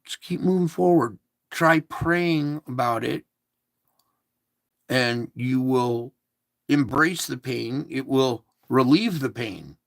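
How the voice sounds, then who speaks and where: A man's voice: mid-range voice, takes it slowly, gravelly, dry recording, studio quality. A man hosting an online show, talking in a casual, preachy monologue with emphatic rhetorical questions, recorded on a phone or laptop.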